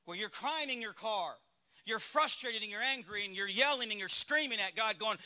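Male pastor, Southern US accent, bright high voice, candid sermon in a church. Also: lively intonation, normal speed. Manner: candid, conversational preaching with rhetorical questions to the congregation. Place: church sanctuary.

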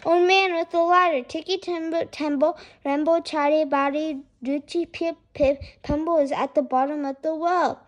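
A woman's voice: sits high, fairly quick, hardly any pauses, muffled recording. A woman doing a breathless frantic little boy. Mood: shouting. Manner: urgent, breathless, shouting.

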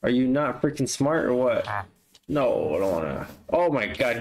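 A man casually commenting on his own gameplay, chatty and easily excited. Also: mid-range voice, moderate pace, a little hiss or hum, rough recording. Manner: excitable, flares up into frustrated outbursts. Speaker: gaming vlogger.

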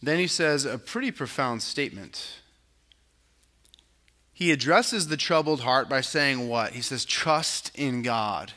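This time the pastor's bright, pushed voice is expressive and a little slow, with frequent pauses. Still preaching conversationally, he performs quotes with rising pitch, peppers the congregation with tag questions and drops in casual fillers.

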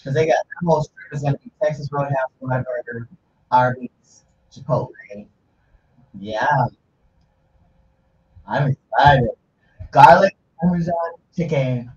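A man co-hosting a morning radio show, chatting eagerly and getting excited. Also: mid-range voice, measured pace, long pauses. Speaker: radio co-host. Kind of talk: casual morning radio banter. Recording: slightly muffled studio mic with faint background hiss.

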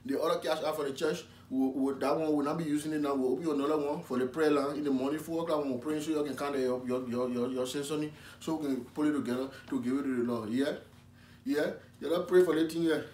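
A man playing a loud, pleading Liberian pastor with a Liberian English accent, begging his flock for offerings in a comedy sketch. He exclaims and chants the same refrains over and over. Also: a little high, fairly even intonation, fast, natural voice. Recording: echoey room from a distance.

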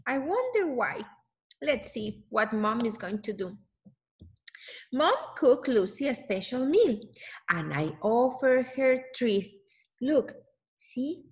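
A woman's voice: a little high, big pitch swings, takes it slowly. A woman reading a picture book aloud to children, exclaiming often and stopping to ask the listener questions.

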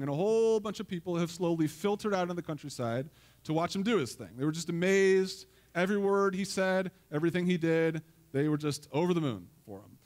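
A pastor giving a conversational, joking sermon to a church congregation, telling stories and putting questions to the listeners. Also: male voice, sits high.

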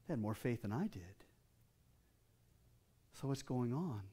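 A man's voice: mid-range voice, animated, measured pace, mellow, husky. An older man preaching a sermon as pastor, telling personal stories earnestly with frequent restarts.

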